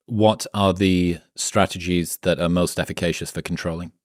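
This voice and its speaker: A man's voice: low-pitched, steady tone, moderate pace, no room sound, studio quality. A man hosting a podcast, asking curious questions with a joking edge. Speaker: podcast host.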